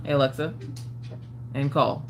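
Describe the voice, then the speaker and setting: This woman's bass voice is gravelly and steady, measured in pace, set against a noisy background. Hosting a craft live stream, she swears freely while telling an exaggerated, casual story and imitating her relatives' voices.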